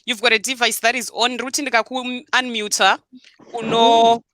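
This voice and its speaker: A woman's voice: fairly high pitch, level tone, moderate pace, fairly bright tone. A woman hosting a live online show over a video call, speaking firmly to her viewers and mixing Shona into her English. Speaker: host.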